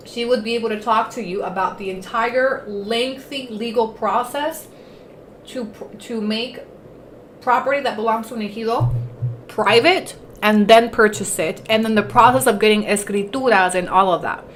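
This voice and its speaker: A woman's voice: a little high, normal speed. A woman hosting a casual livestream, talking chattily while eating and mixing Spanish words into her English. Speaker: livestream host. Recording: echoey room, faint noise.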